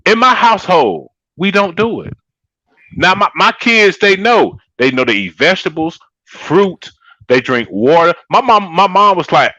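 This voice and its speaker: Emphatic bright-voiced man, dry dull sound. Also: sits high, very animated, unhurried, dry recording. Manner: emphatic, preachy, addresses listeners as y'all. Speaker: co-host. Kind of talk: casual chat.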